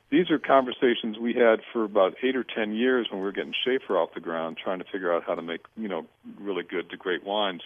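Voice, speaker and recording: A middle-aged man, a guest on a radio interview, chatting in a relaxed way and telling lively stories, acting out the lines of other people. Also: fairly low pitch, quick pace, few pauses, dry recording. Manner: storytelling, animated, quotes others in dialogue; many fillers and restarts. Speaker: winery owner, guest. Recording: tinny phone-line radio audio.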